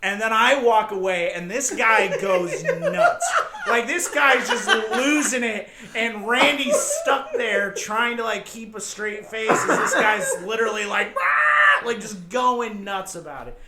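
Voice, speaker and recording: A man co-hosting a casual podcast chat, telling animated stories and acting out the people in them. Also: high-pitched, measured pace, a loud crowd. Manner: animated storyteller, acts out shouting customers. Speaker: podcast host. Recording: echoey room, faint noise.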